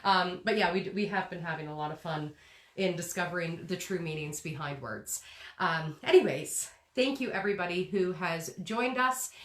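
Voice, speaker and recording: Woman host, casual live chat, lowish voice, sentences that lift at the end, echoey room. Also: normal speed. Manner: rising sentence endings, frequent laughs. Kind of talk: casual conversational live stream.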